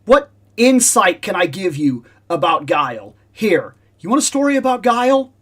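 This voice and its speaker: Animated man with a lively, swinging voice. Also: moderate pace, slightly rough. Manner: animated storyteller, swings between loud exclamations and low asides. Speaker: host. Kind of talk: casual nostalgic chat.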